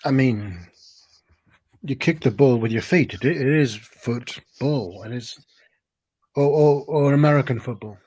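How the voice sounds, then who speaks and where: This is an English man with a mid-pitched voice, talking as a guest in a casual stream chat. He is hesitant and dry, and he often lets his sentences trail off into quiet. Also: a little slow, breathy edge.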